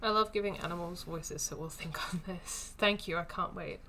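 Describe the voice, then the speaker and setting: A woman's voice: on the low side, moderate pace, pushed and bright, slight background noise. A woman streaming a story game, chatting casually and thinking aloud with lots of fillers. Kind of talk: casual let's-play commentary.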